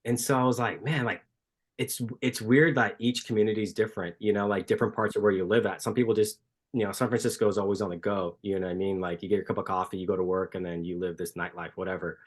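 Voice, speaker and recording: A man from Southern California talks in a casual, rambling way, leaning on "like" as he acts out the people he meets. His voice sits a little low. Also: quick pace. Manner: animated storyteller, heavy use of "like", acts out greetings. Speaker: podcast guest, running coach. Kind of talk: casual chat.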